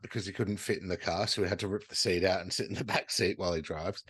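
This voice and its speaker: A man with a very deep voice, co-hosting a casual podcast. He retells action movie scenes with lots of swearing. He throws himself into the quotes, jumping up into high voices for the characters. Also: steady tone, fast talker, hardly any pauses, fairly bright tone, breathy edge, no room sound. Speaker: podcast co-host.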